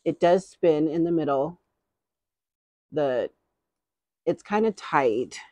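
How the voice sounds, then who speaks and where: A woman's voice: deep voice, expressive, takes it slowly, warm tone, no room sound. A middle-aged woman vlogger in casual, rambling haul chat, giggling often.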